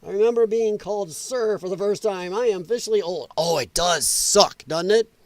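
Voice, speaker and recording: A man's voice: sits high, normal speed, dry recording. A middle-aged man hosting a podcast, reacting to clips with mocking comments, exclamations and frequent laughs. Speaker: host.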